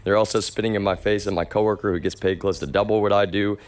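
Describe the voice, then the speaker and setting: A man's voice: lowish voice, steady tone, fast. A man livestreaming an agitated, repetitive rant to his chat, swearing often and calling his listeners y'all. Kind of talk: ranting monologue to a live chat.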